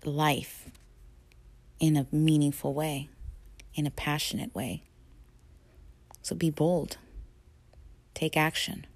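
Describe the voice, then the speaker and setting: A woman giving a motivational talk, earnest and emphatic, pausing for effect and sometimes dropping to a hushed whisper. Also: sits low. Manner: earnest, emphatic, deliberate with dramatic pauses, drops to hushed whispers. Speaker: motivational speaker.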